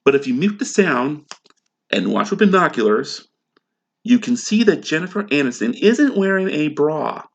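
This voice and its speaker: A smug, low-pitched sitcom dad, as a woman puts him on for a comedic reenactment. His delivery is dry and deadpan, though his pitch moves around expressively. He sounds self-satisfied and unbothered. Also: normal speed, breathy edge, lo-fi sound, exaggerated voice. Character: low-voiced adult man, smug sitcom father type.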